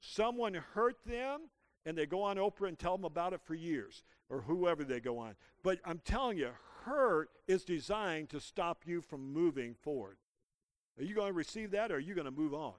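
A man's voice: a little high, animated, moderate pace, no echo. A man preaching a sermon as pastor, calling out to the congregation and asking them to repeat after him. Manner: preaching with call-and-response to the congregation. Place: church.

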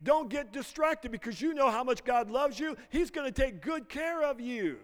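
High-voiced man preaching in echoing hall. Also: lively intonation, normal speed, fairly bright tone. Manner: call-and-response, prompting the congregation to finish lines. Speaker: pastor. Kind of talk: sermon. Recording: long reverb of a large hall.

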